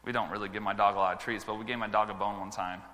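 A man preaching a sermon to schoolchildren, telling stories with lively swings between loud exclamations and quiet earnest moments. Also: lowish voice, racing, long reverb tail. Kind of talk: sermon with storytelling.

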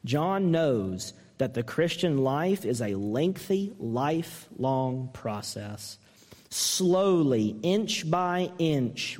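A man preaching a sermon as pastor, earnest and emphatic, asking the listeners pointed questions and climbing high when he mimics a harsh reading. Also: a little mellow, big-room sound.

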